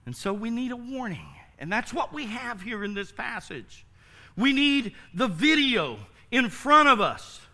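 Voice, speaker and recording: A man's voice: very high-pitched, big pitch swings, a little slow, bright, forceful tone. A man preaching a sermon as pastor, emphatic and repetitive, asking the congregation rhetorical questions.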